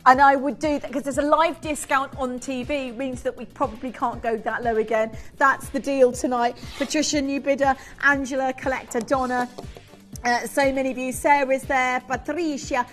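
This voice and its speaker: A woman presenting on a live shopping channel, chatty and excitable, laughing often and reading out buyers' names. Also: high voice, moderate pace, faint music behind. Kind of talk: live TV sales pitch.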